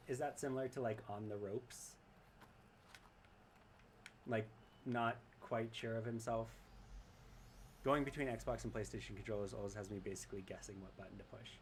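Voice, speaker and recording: A man's voice: medium pitch, slight background noise. Chatty man streaming a game. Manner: chatty, rambling, often laughing. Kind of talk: casual gameplay commentary and reading chat aloud.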